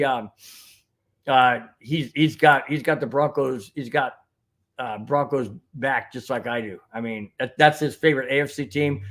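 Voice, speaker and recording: A man hosting a fan podcast into a microphone, his voice sitting a bit higher than most men's. He rambles with indignation, repeats himself and restarts his sentences as he works through chat messages. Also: a bit bright. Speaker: podcast host reading live chat. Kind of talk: heated sports recap with chat.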